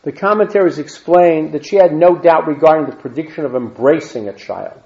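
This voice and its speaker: Through a dull lo-fi recording, a man reads scripture aloud a little fast and explains it as a Torah teacher, adding plain asides and Hebrew terms after verses. His voice is fairly high and a little mellow.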